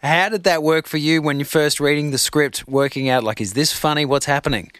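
A man's voice: a little high, fairly quick, fairly bright tone, clear, resonant tone, dry recording. A man hosting a radio show, with upbeat presenter patter. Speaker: radio host.

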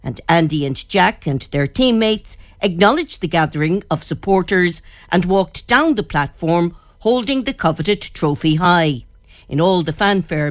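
A woman, a radio news reporter, narrating a news report in a measured, informative way. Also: on the low side, no room sound, clean studio sound.

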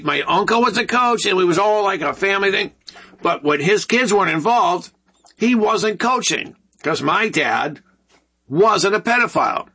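A male talk show host on his own in a studio, ranting with animated, sarcastic energy. His voice is high and gravelly, with a husky edge. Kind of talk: solo ranting commentary. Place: broadcast studio, alone.

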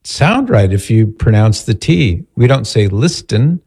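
A man's voice: on the low side, sing-song, unhurried, gravelly, darkish tone, husky. A male radio host leading a prayer and chatting casually with listeners on a call-in show. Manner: chatty, playful, leads prayer. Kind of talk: live call-in radio talk.

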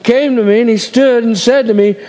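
A man preaching a sermon, his voice swinging between loud and hushed. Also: very high voice, fairly even intonation, brisk, big-room sound.

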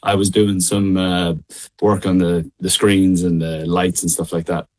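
An Irish man with a fairly low voice talks with easygoing looseness on a radio show. He laughs often and stumbles through restarts and fillers, sounding like he is joining over a call. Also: little pitch movement, measured pace, a little mellow. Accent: Irish, middle of Ireland. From Ireland. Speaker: guest singer. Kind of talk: casual radio interview chat. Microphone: call line.

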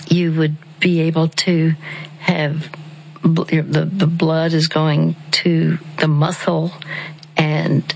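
A slow, husky woman counseling a caller. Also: low voice, low-quality recording. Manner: slow and halting, full of fillers, sometimes dropping to a soft whisper. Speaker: Christian counselor on a call-in show. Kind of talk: gentle counseling on a radio call.

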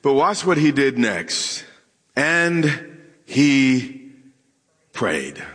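A man's voice: mid-range voice, big pitch swings, very slow, a bit bright, breathy edge. Preaching man in a reverberant hall. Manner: preaching with humor and call-and-response questions to the congregation. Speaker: pastor. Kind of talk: sermon. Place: church sanctuary with a congregation.

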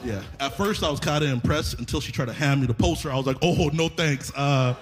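A man's voice: mid-range voice, quick pace. A man from Canada telling a self-mocking story in a live stand-up set. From Winnipeg, Canada. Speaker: stand-up comedian.

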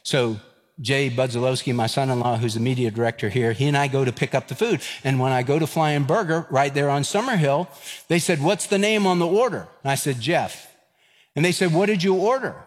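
A man, preaching a sermon and telling a personal story, acting out the dialogue with lively energy. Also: mid-range voice, brisk, in a large hall. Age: 50s. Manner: animated storyteller, acts out dialogue. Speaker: pastor.

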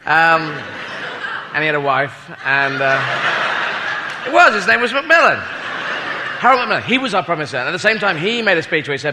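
On a comedy club stage before an audience, a man with a slightly high voice rambles through a self-deprecating story with cursing asides, talking a little fast with big pitch swings and long pauses. The live club recording carries long reverb and crowd noise.

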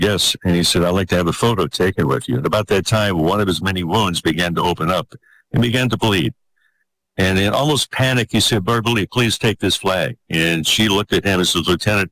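An older man with a very low, deep voice tells his story slowly and earnestly, often stopping to repeat a word before going on. The sound is close and dry. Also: a bit bright, dry recording, low-quality recording. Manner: earnest, halting, repeats words as he gathers his thoughts. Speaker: guest telling his story. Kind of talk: reflective interview storytelling.

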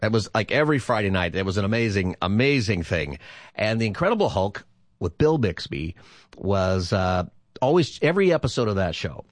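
Lively low-voiced man hosting call-in radio. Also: fairly quick, no echo. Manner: chatty, laughs easily, repeats the phone number. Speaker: radio talk show host, pastor. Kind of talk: casual call-in radio chat.

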